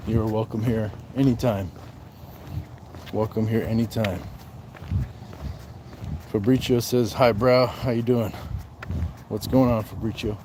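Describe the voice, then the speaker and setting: A man hosting a casual livestream on a night walk, greeting viewers by name and answering their comments in a relaxed way. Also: lowish voice, measured pace, long pauses, background noise. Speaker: livestream host.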